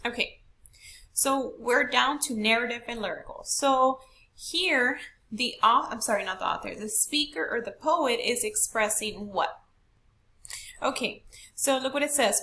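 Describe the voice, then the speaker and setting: A woman teacher explains a lesson at a slow, deliberate pace. Her voice sits a little high and bright, with a gravelly edge. She punches out single words to show how they are stressed. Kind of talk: classroom lesson recorded for students.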